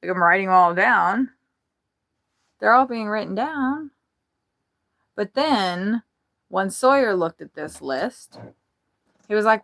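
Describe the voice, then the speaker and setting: A woman talking on a casual livestream from inside her RV. She is frazzled and overwhelmed, swears freely and talks in quick, jumbled bursts with a mid-range voice. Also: medium pitch, lively intonation, fairly bright tone.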